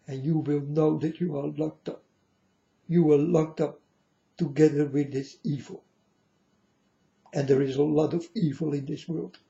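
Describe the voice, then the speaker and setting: Male vlogger, earnest and preachy, slightly high voice, very slow delivery. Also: gravelly, warm tone, dull audio. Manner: earnest, solemn, repeatedly addresses listeners as folks. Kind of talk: emotional monologue to camera.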